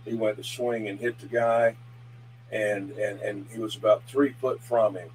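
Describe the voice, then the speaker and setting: A man chatting casually and calling out loudly over a CB radio. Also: fairly low pitch, steady tone, measured pace, poor audio. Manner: folksy, calls out loudly over the air. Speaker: CB radio operator. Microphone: CB radio handset. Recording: CB radio with loud static.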